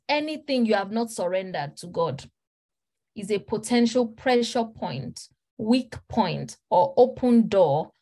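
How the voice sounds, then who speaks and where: A woman's voice: mid-range voice, darkish tone. A woman preacher delivering an earnest, emphatic sermon, stressing points through repetition. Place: church.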